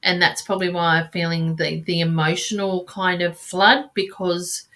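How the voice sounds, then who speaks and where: Female card reader, live stream; halting delivery, frequent sighs, endearments. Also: lowish voice, little pitch movement, bright, forceful tone. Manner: calls listeners sweetheart and darling.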